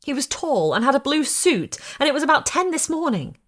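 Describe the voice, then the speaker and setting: A woman doing a distraught young bride from a storybook, her voice pitched high and climbing as she pleads breathlessly. She stays polite and proper even while she is desperate. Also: a little fast. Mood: pleading. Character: anxious young woman searching for her missing groom.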